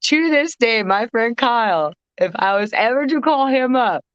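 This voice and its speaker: A woman who is a guest vocalist, telling a story on a casual podcast in an animated way, with swearing and frequent restarts. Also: on the high side, normal speed, smooth, no echo, highs cut off. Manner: animated, swearing, self-interrupting.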